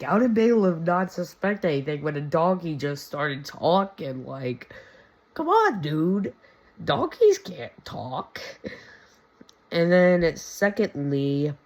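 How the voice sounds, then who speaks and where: Slow, casual young-sounding Bible explainer man. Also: on the high side, a little mellow, rough recording. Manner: casual, slangy, stumbles and corrects himself. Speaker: video creator teaching the Bible. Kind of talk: casual Bible lesson video.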